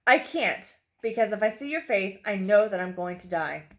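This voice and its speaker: A woman's voice: medium pitch, lively intonation, normal speed, natural voice. A woman voicing a terrified older man begging his captor. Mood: pleading. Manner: pleading, panicked, swearing.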